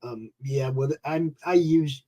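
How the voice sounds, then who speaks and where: A man's voice: mid-range voice, slow pace, mellow. Laid-back wry man co-host. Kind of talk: comedic podcast banter.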